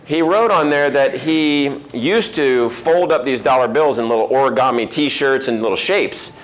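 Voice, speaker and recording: At a normal speed and in a mid-range voice, a man who owns a restaurant gives an informal talk to a men's group in the dining room. He tells stories, voices the people in them, and uses a lot of fillers.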